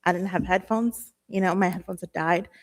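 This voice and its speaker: A woman's voice: lowish voice, fairly even intonation, fairly quick. A young woman from Southern California speaks at a city meeting's public comment, nervous and emotional. Her speech halts often and is full of fillers.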